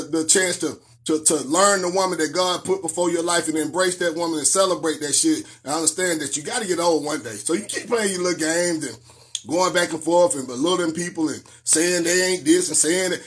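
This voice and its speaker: Animated preachy man ranting on a live stream. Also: on the high side. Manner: animated, preachy, profane, sing-song outbursts.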